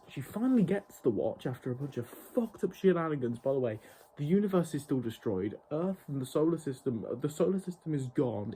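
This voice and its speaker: A man's voice: medium pitch, warm tone, slight background noise. A man reviewing a TV show in an exasperated, profane rant. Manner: exasperated, heavily profane ranting. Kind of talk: ranting review vlog.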